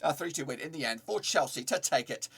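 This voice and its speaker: Fast gravelly football vlogger. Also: male voice, a little high, lively intonation, fairly bright tone. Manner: rattles off stats, keeps repeating "of course". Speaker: football prediction channel host. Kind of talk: football predictions vlog.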